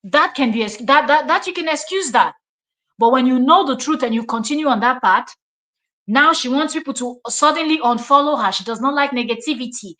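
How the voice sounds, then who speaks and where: Woman, Nigerian accent, live-stream host, scolding, emphatic, fairly high voice. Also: a little fast, sharp tone. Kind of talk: live-stream reaction commentary.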